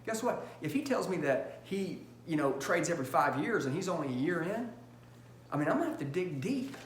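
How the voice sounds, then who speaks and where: Emphatic high-voiced male sales trainer. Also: very animated. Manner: emphatic, punchy, keeps checking in with the audience; acts out phone calls in quick bursts. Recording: roomy echo with faint hum.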